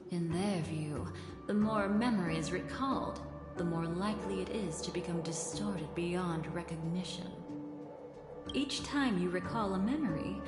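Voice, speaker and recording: An actress playing an enigmatic, teasing woman who speaks in a smooth, measured, mysterious way, recorded as game voice acting. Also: medium pitch, lightly acted. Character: enigmatic, teasing woman with a cryptic, knowing air. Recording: reverberant game audio with music.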